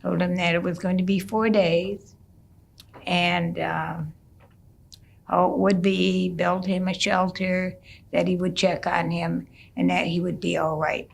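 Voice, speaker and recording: Middle-aged woman telling an old story real slow, gravelly voice, lots of little pauses and restarts. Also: lowish voice, level tone. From United States. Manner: unhurried, with gentle hesitations and restarts. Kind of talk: traditional storytelling, told casually.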